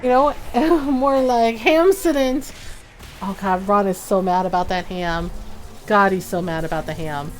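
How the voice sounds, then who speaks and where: Slow-talking woman streamer telling family stories. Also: medium pitch, soft background music. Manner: chatty storytelling, laughs often. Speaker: game streamer. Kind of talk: casual chat while livestreaming a game.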